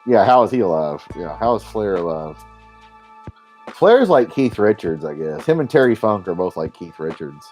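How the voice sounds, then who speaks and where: Low-voiced man ranting casually. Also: moderate pace, soft background music. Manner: rambling, profane, animated storytelling. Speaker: stream host. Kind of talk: casual chat.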